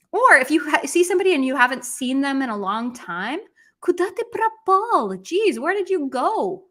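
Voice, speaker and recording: A woman teaching Russian on a live stream, explaining lyrics and grammar lively, with asides and examples, slowing down to pronounce Russian words. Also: medium pitch. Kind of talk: live-stream language lesson.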